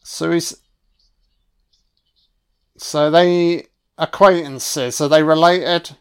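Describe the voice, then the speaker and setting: A man reacts to a film on a first watch, swearing freely and cracking jokes at the characters. His voice sits a little high and comes through smooth and clear. He takes his time, with a slow, drawn-out delivery. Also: fairly even intonation. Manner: sweary, wisecracking, talks back at the screen. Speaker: film commentator. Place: home recording, voice only.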